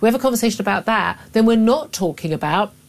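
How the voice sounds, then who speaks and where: Forceful talk radio hostess, gravelly. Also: female voice, medium pitch, expressive, fast talker. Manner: forceful, emphatic, with frequent restarts. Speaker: radio talk show host. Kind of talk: opinionated talk radio monologue.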